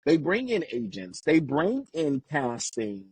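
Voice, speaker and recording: Man, husky, fairly high voice, middle-aged, from Chicago, lively storyteller, interview guest. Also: slow pace, no echo. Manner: animated storyteller, acts out quotes with big pitch jumps. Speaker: acting coach and guest. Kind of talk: casual interview chat.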